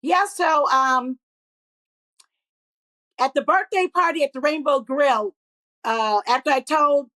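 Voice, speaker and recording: A middle-aged woman and comedian, swearing freely as she tells animated stories as a guest in a podcast interview. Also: sits high, slow pace, long pauses.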